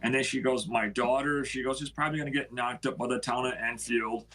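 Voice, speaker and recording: Man, mid-pitched, house owner, halting emotional storytelling, acts out the dialogue. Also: fairly even intonation, fairly bright tone, low-quality recording. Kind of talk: personal storytelling.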